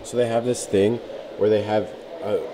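Excited man vlogging in a noisy museum. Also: fairly low pitch, moderate pace. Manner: excited, gushing. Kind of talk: casual vlog commentary. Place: indoor museum hall. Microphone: handheld camera. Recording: noisy background.

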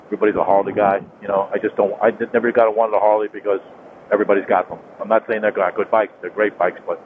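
A man, talking casually into a helmet mic while riding his motorcycle on a rural highway, rambling with lots of fillers and restarts. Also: level tone, fast. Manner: rambling, repeats himself, many fillers and restarts. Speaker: motorcycle vlogger. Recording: tinny phone-like helmet mic with road noise.

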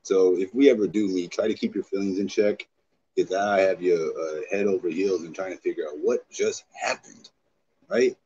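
Low-voiced profane man livestreaming. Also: normal speed. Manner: profane, excitable, talks back to chat. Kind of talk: casual livestream chat. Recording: dull lo-fi stream audio, faint noise.

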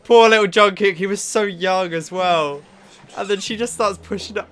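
A man's voice: sits high, normal speed, soft background music. A young man hosting a reaction video in casual, rambling chat, gasping "oh my god" and filling gaps with "like". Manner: excitable, rambling, full of "like" and "oh my god".

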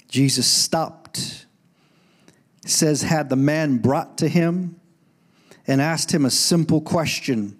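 A middle-aged man preaching a sermon in a church, animated, breaking into loud calls when he quotes. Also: medium pitch, slow. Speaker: pastor. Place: church sanctuary.

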